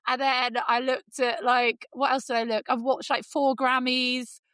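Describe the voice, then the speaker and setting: A woman with an English accent, co-hosting a podcast and telling a story in casual, lively chat, jumping into high voices for quotes. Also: measured pace, clean tone, no room sound. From England. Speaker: podcast co-host.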